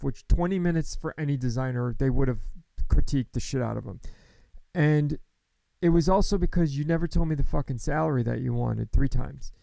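A man's voice: a little high, creaky, dark tone, no echo, poor audio. A man in his thirties giving a blunt, candid personal monologue, swearing often and getting worked up as he talks. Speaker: vlogger.

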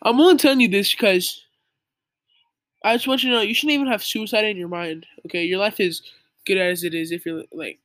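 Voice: medium pitch, fairly bright tone, dry recording. Young person giving a preachy talk, earnest and informal, lots of likes, dry close sound. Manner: earnest, informal, many "like" fillers, lecturing the listener. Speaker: young believer giving religious advice. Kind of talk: casual preachy monologue to camera.

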